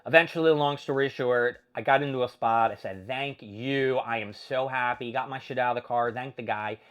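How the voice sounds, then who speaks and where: Animated storytelling man, podcast host. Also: mid-range voice, moderate pace. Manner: animated, swearing, acting out his own panicked shouts. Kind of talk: casual storytelling monologue.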